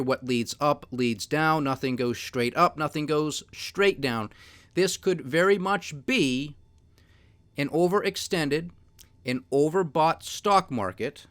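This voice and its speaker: A man's voice: a little high, fairly bright tone, smooth. A man hosting a podcast, giving solo commentary on markets and politics in a sardonic, emphatic, ranting manner. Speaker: podcast host.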